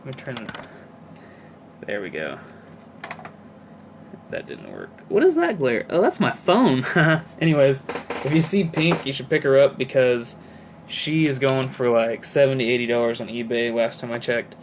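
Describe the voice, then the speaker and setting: A man's voice: mid-range voice, animated, unhurried, long pauses, slight background noise. Rambling young man showing off toys. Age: 20s. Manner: rambling, filler-heavy, chatty. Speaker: toy collector vlogger. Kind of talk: casual chat.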